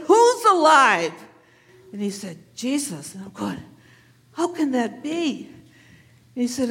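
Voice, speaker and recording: A woman's voice: fairly high pitch, warm tone, big-room sound. A woman acting as a humble shepherd who tells children an earnest first-person story in church. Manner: earnest, tearful in grief. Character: humble shepherd telling his Easter story. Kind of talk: first-person dramatic monologue. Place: church sanctuary.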